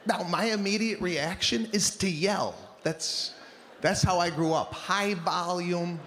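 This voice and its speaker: A man doing stand-up, telling a story in an animated, exasperated way, swinging between loud bursts and mutters. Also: high-pitched, takes it slowly, a little hiss or hum. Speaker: stand-up comedian.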